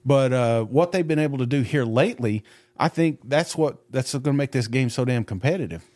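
A man's voice: medium pitch, brisk, no room sound. Guy cohosting football pod, fired up, cusses a lot, stumbles on words, dry close mic. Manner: animated, swears freely, stammering restarts. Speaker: podcast co-host. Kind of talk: casual sports talk.

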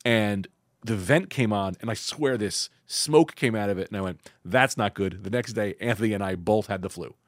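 A man's voice: lowish voice, moderate pace, no echo, clean studio sound. A man hosting a podcast, chatting casually and animatedly about comedy gigs, with some swearing and put-on voices. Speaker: podcast host; stand-up comedian. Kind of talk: casual chat.

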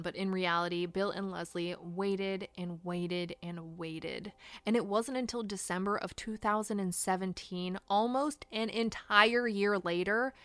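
A woman's voice: medium pitch, fairly bright tone, clean tone, no room sound. A woman hosting a true crime podcast, reading a scripted account in a blunt, indignant way and swearing for emphasis.

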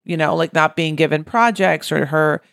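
Creaky-voiced woman co-hosting a chat. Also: low-pitched, moderate pace, fairly bright tone, no room sound, studio quality. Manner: thoughtful, asks herself questions. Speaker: podcast co-host. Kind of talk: casual chat.

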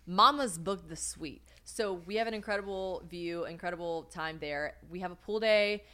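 A woman's voice: lowish voice, moderate pace, pushed and bright. A young woman co-hosting a podcast in casual chat, bubbly and full of laughs, swearing freely. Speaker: podcast co-host.

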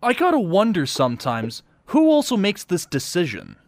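A man's voice: high-pitched, wildly swooping pitch, moderate pace, dry recording. A man co-hosting a radio show, dropping wry reactions and jokes in casual banter.

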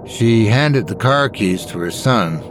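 A man reading scary stories as a dramatic, expressive narrator. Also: on the low side, slow pace, music in the background. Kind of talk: scripted horror story narration.

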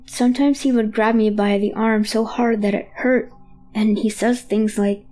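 A woman's voice: fairly high pitch, steady tone, moderate pace, mellow. A woman reading a horror story aloud in a child's hesitant first-person voice. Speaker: narrator. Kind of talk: scripted horror narration.

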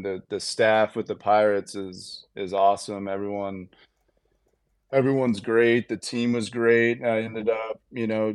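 A man's voice: fairly low pitch, clean tone, no echo, clean studio sound. A man in his thirties, a guest on a podcast, telling a long story in a casual way and acting out what each person said, with many fillers. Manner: animated, acts out quotes with lots of fillers. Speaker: podcast guest, baseball player.

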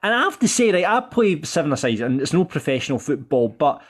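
A Scottish man hosting a casual football podcast, reading out listener comments in an animated, sweary way. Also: a little high, fast talker. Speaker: podcast host. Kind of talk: casual chat.

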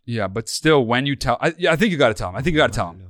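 Blunt, expressive podcast co-host man. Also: mid-range voice, racing, no echo, studio quality. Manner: blunt, profane, gives advice. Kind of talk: casual comedic chat.

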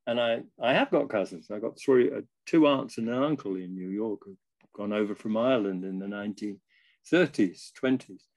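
A man's voice: on the low side, normal speed, darkish tone, dry recording, poor audio. Older man telling chuckling stories. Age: 80s. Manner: chuckling, self-deprecating. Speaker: guest musician. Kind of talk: casual storytelling.

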